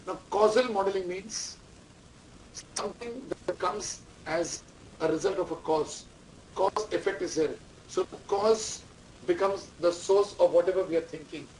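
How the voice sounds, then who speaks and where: Heard through a distant mic with faint room noise, a management lecturer talks a little slowly in a high, slightly mellow voice. He repeats key terms over and over, quizzes his students, and dictates instructions.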